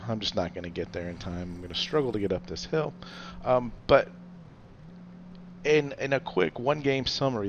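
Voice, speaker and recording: A man giving a relaxed, chatty game review with lots of fillers and little chuckles. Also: deep voice, dull audio, a little hiss or hum. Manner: chatty, loose, many fillers, chuckles often. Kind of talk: casual gameplay commentary.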